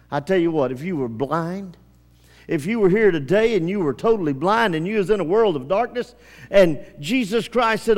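High-voiced impassioned male preacher. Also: lively intonation, moderate pace. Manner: impassioned, swings from hushed to shouting. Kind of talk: evangelistic sermon. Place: church service. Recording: long church reverb.

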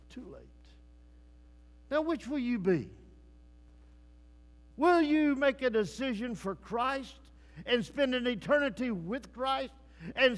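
A man preaching a sermon, swinging from hushed, low passages to loud, rising calls. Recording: long hall reverb.

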